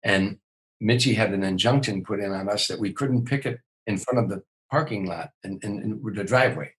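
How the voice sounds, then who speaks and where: This is an older man, a comedian, telling animated stories as a podcast interview guest, often restarting sentences by repeating words. He speaks fairly quickly at a fairly low pitch. The recording is low quality, with a little hiss or hum.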